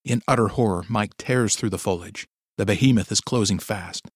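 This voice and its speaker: A man narrating a dark story in a low, measured storytelling voice. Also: breathy edge, no room sound, studio quality. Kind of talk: dramatic audiobook narration.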